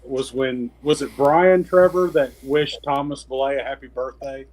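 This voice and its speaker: A man's voice: medium pitch, fairly even intonation, moderate pace, darkish tone, rough recording. A man co-hosting a podcast, chatting casually with friends, joking and trailing off into restarts. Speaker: podcast co-host. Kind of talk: casual chat.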